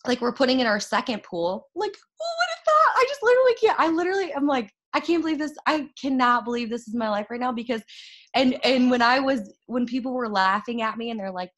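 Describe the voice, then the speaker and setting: Chatty, excitable young woman with a higher voice. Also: fast talker. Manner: excitable, chatty, full of fillers and laughter. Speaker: network marketer sharing her success story. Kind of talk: casual motivational talk to followers.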